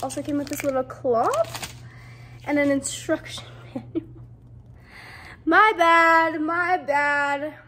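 A young woman from the United States chatting casually in a vlog, excitable and self-mocking, laughing often. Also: fairly high pitch, slightly rough. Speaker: vlogger.

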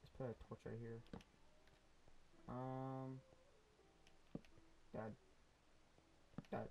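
A man's voice: mid-range voice, little pitch movement, drawn-out words, vocal fry, long pauses, darkish tone, rough recording. A young man casually narrating a Minecraft session, rambling to the viewers and to the mobs with lots of ums. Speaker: gaming YouTuber. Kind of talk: casual Minecraft let's play commentary.

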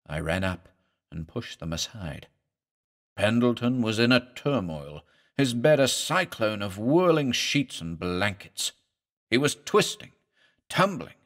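A man's voice: fairly low pitch, a bit bright. A man narrating a horror story as a doctor's journal, reading in a grave, dramatic manner.

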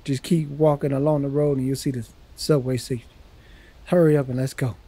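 A man's voice: mid-range voice, fairly even intonation, fairly quick, warm tone, breathy edge. A man hosting a let's-play video, joking in slangy casual talk to his viewers and reading the game's text aloud as he plays. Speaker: gaming channel host.

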